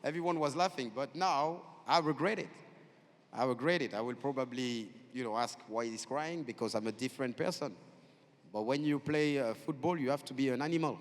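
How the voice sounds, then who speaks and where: A man in his forties with a French accent, telling lively stories as a guest on a festival stage, often halting and restarting. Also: medium pitch. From France. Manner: animated storyteller, halting with restarts. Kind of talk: on-stage conversation. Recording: long hall reverb.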